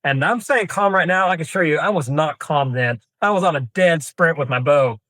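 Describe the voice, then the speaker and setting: A man's voice: fairly high pitch, a little fast, pushed and bright, dry recording. A young man, a podcast guest telling a long hunting story in a rambling, folksy way with many fillers and restarts. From Kansas. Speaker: podcast guest, deer hunter. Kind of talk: casual storytelling interview.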